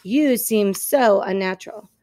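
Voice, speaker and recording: A woman's voice: mid-range voice, measured pace, mellow, no room sound, studio quality, lightly acted. A woman doing a bossy, wary owl.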